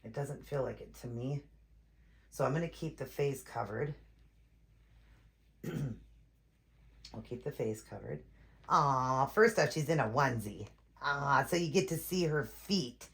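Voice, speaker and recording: A woman's voice: very deep voice, a little slow, long pauses. Gushing woman unboxing a doll. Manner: gushing, exclaims often. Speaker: doll collector vlogger. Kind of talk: casual unboxing chat.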